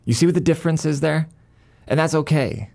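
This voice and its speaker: A man's voice: on the high side, brisk, vocal fry, warm tone. A male podcast host in a worked-up, profane monologue, stumbling over restarts as he rants.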